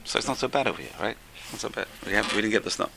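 A man's voice: lowish voice, expressive, racing, creaky, background noise. A man who seems to be a rabbi, giving an informal religious talk full of stories. He is chatty, repeats his phrases and chuckles between points.

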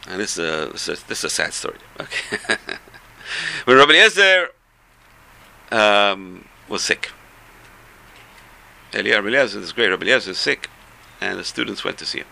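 A man with a gravelly voice on the low side tells stories in a Torah talk at normal speed, pausing often. He's animated, alternating loud bursts with quiet asides.

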